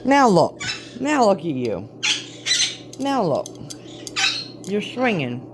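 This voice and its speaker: A woman's voice: mid-range voice, very animated, slow pace, heavy background noise. A woman talking baby talk to her pet parrots at home, coaxing them to step up and speak to the camera. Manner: sing-song baby talk to pet birds. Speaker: channel host showing her parrots. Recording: loud parrot squawks behind.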